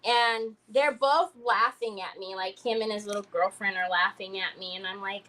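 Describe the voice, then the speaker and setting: Woman, 50s, crafting livestream host, rambling casual storytelling, bright forceful voice. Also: medium pitch, steady tone, moderate pace, few pauses, a little hiss or hum, low-quality recording. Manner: chatty, rambling, addresses viewers as y'all.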